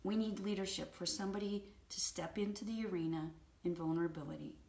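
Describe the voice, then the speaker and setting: A woman hosting a book review, retelling an anecdote in a vivid, animated storytelling manner. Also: lowish voice, fast talker, creaky. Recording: roomy echo.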